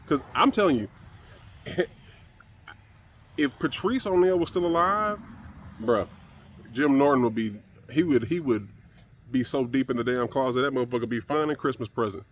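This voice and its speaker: A man on a solo commentary channel with a voice of ordinary middle pitch for a man. He talks bluntly and profanely, in a tone of steady exasperation. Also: moderate pace, long pauses, a little hiss or hum.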